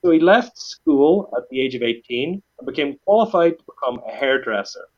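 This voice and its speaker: A Northern Irish man hosts a loose, jokey podcast, deadpan and full of "you know"s. His voice sits in an ordinary middle range. The sound is dull and lo-fi. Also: medium pitch, normal speed. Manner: dry, joking, many fillers. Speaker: podcast host. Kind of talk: casual comedic podcast chat.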